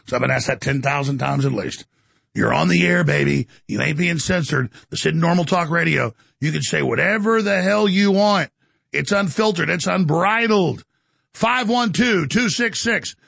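A man hosting a talk radio show with a gravelly voice and a bombastic, rapid-fire delivery. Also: a little high, a bit bright, no echo. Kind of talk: fast-paced talk radio monologue.

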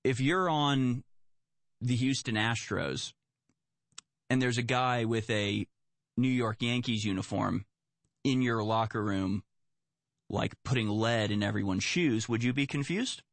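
Male commentator, sarcastic and animated, dry close-mic sound. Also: medium pitch, measured pace, long pauses, no echo. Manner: sarcastic, animated, spins mocking hypotheticals. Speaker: political commentator. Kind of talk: solo political commentary, reading news aloud.

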